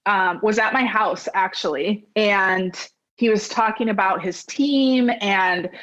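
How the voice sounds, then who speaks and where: A woman in her forties, a real estate business owner, telling her story as a podcast guest in a chatty, expressive way, acting out the voices of the people she quotes. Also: slow pace, highs cut off. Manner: chatty and expressive, acting out quoted dialogue with big pitch jumps. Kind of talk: animated storytelling in a conversational interview.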